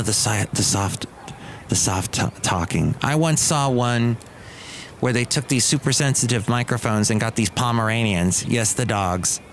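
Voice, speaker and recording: A man's voice: medium pitch, a little hiss or hum. A middle-aged man hosting a podcast, rambling through a casual comic monologue with restarts and asides. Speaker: podcast host.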